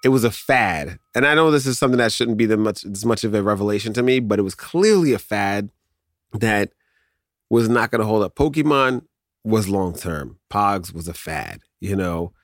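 A man in his thirties hosting a podcast, rambling through a casual nostalgic rant full of restarts and sudden jumps in pitch. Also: normal speed, no room sound, studio quality. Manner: rambling, self-interrupting, animated with laughs and sudden pitch jumps. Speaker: podcast host.

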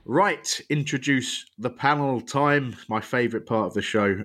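A man's voice: medium pitch, measured pace, hardly any pauses, a bit bright. A man hosting a podcast panel, jokey and rambling, often laughing at himself. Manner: jokey, rambling, self-deprecating. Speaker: podcast host. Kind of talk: casual chat.

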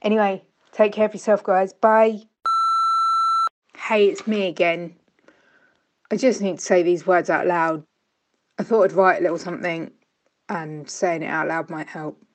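A woman calling in by voicemail, soft and halting as she reads a tearful letter. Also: lowish voice, fairly even intonation, a little hiss or hum. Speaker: caller. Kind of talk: voicemail message, emotional reading.

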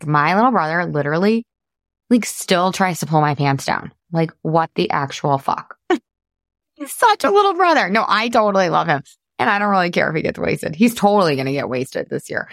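A woman's voice: fairly low pitch, no echo, studio quality. Candid, chatty woman podcast host. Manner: chatty, candid, swears casually, laughs often. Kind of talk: casual coaching monologue.

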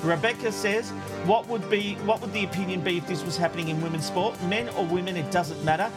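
High-voiced man hosting a talk show. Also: brisk, loud music behind the voice. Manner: breezy, laughs often, reads messages aloud. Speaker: radio talk show host. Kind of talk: casual talk show hosting, reading listener feedback.

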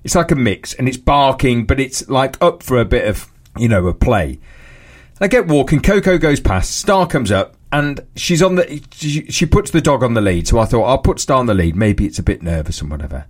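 A man co-hosting a podcast, telling a lively anecdote in casual chat and acting out what people said. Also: medium pitch, normal speed. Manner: animated anecdote teller, acts out quoted voices. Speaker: podcast co-host.

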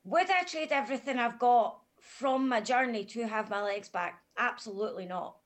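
Frank, calm woman telling her story. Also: fairly high pitch, moderate pace. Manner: calm, frank, matter-of-fact. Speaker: podcast guest. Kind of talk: candid personal storytelling.

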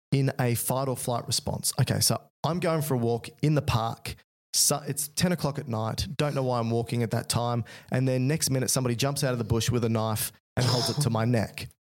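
A man's voice: mid-range voice, darkish tone. Joking man explaining physiology. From Australia. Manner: playful, jokey, explains step by step. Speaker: podcast co-host. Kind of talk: casual educational chat.

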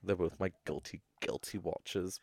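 A young man co-hosting a podcast in casual, sweary, animated chat. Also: sits low, unhurried, gravelly, no echo. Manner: chatty, swearing, animated with playful put-on voices. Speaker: podcast co-host.

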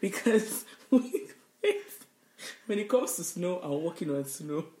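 A woman's voice: fairly low pitch, expressive, slow, darkish tone, roomy sound. A woman co-hosting a podcast, telling stories animatedly with frequent laughter and swearing. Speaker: podcast co-host. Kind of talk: casual chat. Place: Edmonton, Alberta, Canada.

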